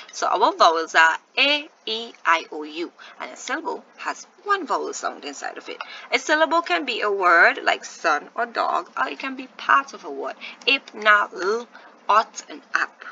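Sounding out letters one at a time and quizzing her students, a female teacher leads a phonics lesson in a medium-pitched, sing-song voice that's bright and crisp yet slightly gravelly. A soft hiss sits behind the dull, low-fidelity audio.

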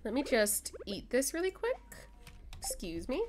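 A young adult woman streaming a farming game, chatting casually and giggling often as she plays. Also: a little slow. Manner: chatty, giggly, lively pitch swings. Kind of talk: casual gameplay chat. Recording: faint game music behind.

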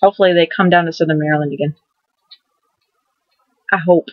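A woman in her twenties hosting a casual vlog, rambling excitedly and restarting her words as she goes. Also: low-pitched, a little fast, dry recording. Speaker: vlogger host. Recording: dull lo-fi dry recording.

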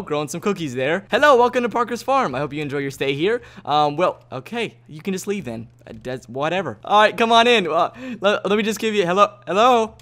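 High-voiced man doing playful game commentary. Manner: playful, jokey, swings between loud yelps and quiet asides. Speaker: gaming channel host. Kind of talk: Let's Play commentary.

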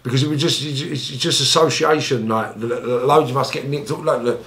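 A man's voice: a little fast, a bit bright. London geezer telling his story, sweary and blunt, bit echoey room. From England. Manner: blunt, sweary, re-enacts scenes in high pleading voices. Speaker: interview guest, former gangster. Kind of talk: candid storytelling interview.

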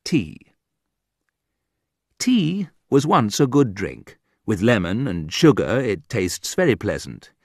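A man's voice: mid-range voice, a little mellow, dry recording. A man reading a humorous essay aloud with a dry, ironic delivery. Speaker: narrator.

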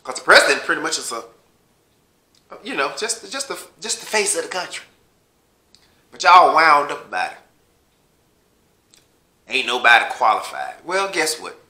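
Bright-voiced man ranting, cursing hard. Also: fairly high pitch, expressive, normal speed, pauses often, reverberant. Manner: blunt, heated, heavy cursing, mocks his listeners. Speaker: vlogger. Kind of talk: profane political rant.

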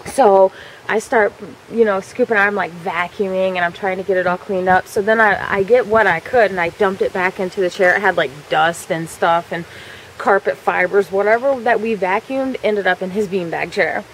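A woman's voice: medium pitch, normal speed, slight background noise, rough recording. Chatty woman telling a story, full of fillers. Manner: chatty, frequent fillers, swears freely. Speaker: vlogger. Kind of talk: casual storytelling.

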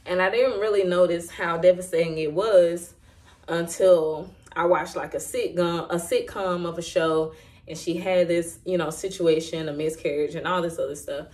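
Woman, lowish voice, personal testimony, candid, halting, lots of fillers. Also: steady tone, darkish tone. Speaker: Christian vlogger sharing a testimony.

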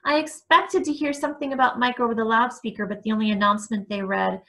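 A woman reading a novel aloud, expressive, with occasional small restarts. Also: fairly high pitch, fast talker. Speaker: book reader.

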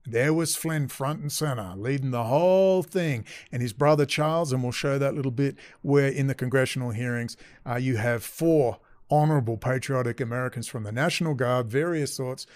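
A man's voice: mid-range voice, moderate pace, hardly any pauses, darkish tone, no room sound, clean studio sound. A middle-aged man delivering a profane, sarcastic political rant as a commentator. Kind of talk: ranting video commentary.

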